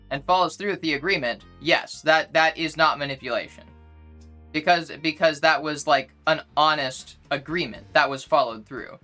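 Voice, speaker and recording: A woman's voice: deep voice, bright, forceful tone. Insistent young woman arguing with chat. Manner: insistent, argumentative, repeats points. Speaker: streamer. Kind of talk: casual livestream arguing with chat.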